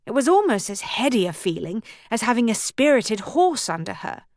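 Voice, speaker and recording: A woman narrating an audiobook in measured, even storytelling, recorded on a studio microphone. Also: a little high, no echo. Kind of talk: scripted narration.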